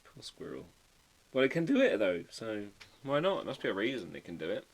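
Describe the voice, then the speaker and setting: A man's voice: on the low side, wildly swooping pitch, fairly quick. Chatty man drawing on a livestream. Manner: chatty, reads out viewer comments while drawing, quietly muttering asides. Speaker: livestream host drawing a card. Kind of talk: casual live-stream chat.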